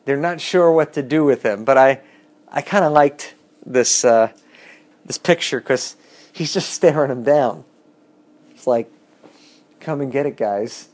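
A man's voice: mid-range voice, a little slow, long pauses, darkish tone. A man teaching a casual bible class, reading scripture aloud and adding wry, chatty asides.

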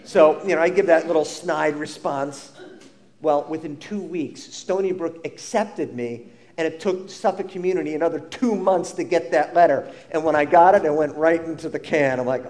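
Middle-aged male pastor from Long Island, lively sermon delivery, pitched high for a man. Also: measured pace. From Long Island, New York. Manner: animated, emphatic preaching with bursts of loudness.

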